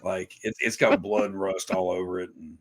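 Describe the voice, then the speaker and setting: A man's voice: sits low, fairly even intonation, brisk. A man, chatting on a podcast in a rambling, profane and self-mocking way. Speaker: podcast guest, musician. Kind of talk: casual podcast chat.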